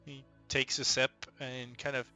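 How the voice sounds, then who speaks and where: A man running a tabletop game as dungeon master, narrating scenes in a relaxed, descriptive way with many fillers. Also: medium pitch, unhurried, soft background music.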